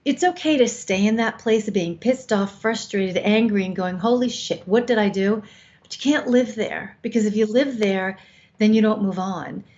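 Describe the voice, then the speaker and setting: A woman over fifty co-hosts a show, offering frank, coaching-style advice with some casual swearing. Her mid-range voice is a little mellow and moderately paced, and the recording has a slightly dull, lo-fi sound.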